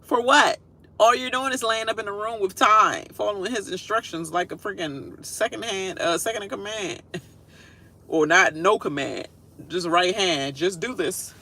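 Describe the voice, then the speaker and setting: A woman's voice: medium pitch, unhurried, sharp tone. A woman giving a casual, sassy reaction rant, laughing often and mimicking people in whiny voices. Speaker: reality show commentator.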